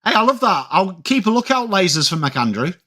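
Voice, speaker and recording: Brisk and sing-song, a high-pitched, sharp-toned voice belongs to a thirtysomething man from England with a Yorkshire accent. He's running a live sports watchalong, chatting with his audience and replying to their comments.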